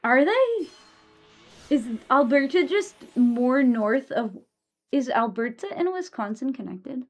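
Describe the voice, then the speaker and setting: A woman's voice: high voice, expressive, measured pace, highs cut off, soft background music. A young woman streaming a game, tired and yawning, chatting loosely with viewers and swearing often. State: sleepy, yawning. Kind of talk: casual live-stream chat while gaming.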